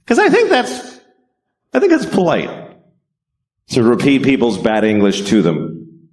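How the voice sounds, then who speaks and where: A man's voice: lowish voice, wildly swooping pitch, unhurried, long pauses, a little mellow. A man doing a stand-up comedy routine, profane and sardonic, with rambling rants.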